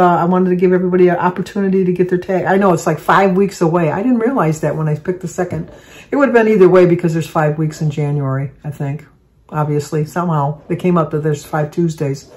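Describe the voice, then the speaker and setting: A woman's voice: lowish voice, a little mellow. An older woman rambles cheerfully to her camera at home, drifting from one small aside to the next. Her talk is loose and chatty, like a daily vlog catch-up. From Michigan. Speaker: vlogger. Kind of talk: casual chat to camera.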